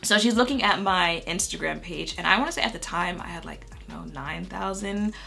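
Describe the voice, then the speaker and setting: A woman's voice: on the low side, fairly quick, creaky, pushed and bright. A young woman telling a storytime on her beauty vlog, chatty and full of fillers. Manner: chatty, heavy on fillers like "you know" and "like". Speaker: beauty YouTuber.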